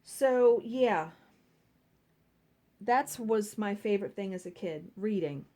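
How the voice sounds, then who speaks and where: A woman chats at home while working on cross stitch, telling childhood stories to her viewers. She talks slowly, and her pitch swings up and down a lot as she laughs at her own embarrassing memories. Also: lively intonation, dark tone. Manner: chatty storytelling, laughing at herself. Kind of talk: casual chat while stitching.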